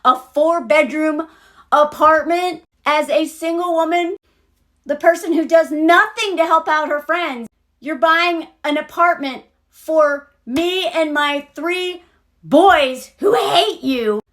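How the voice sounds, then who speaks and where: A woman's voice: high voice, takes it slowly, a bit bright. A woman giving a blunt, sarcastic, exasperated rant about a TV show. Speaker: video creator.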